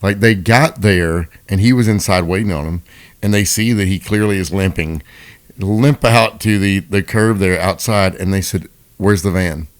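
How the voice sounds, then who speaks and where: A man's voice: low voice, moderate pace. A man co-hosting a podcast, chatting casually and chiming in with details, laughing often. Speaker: podcast co-host. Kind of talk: casual chat.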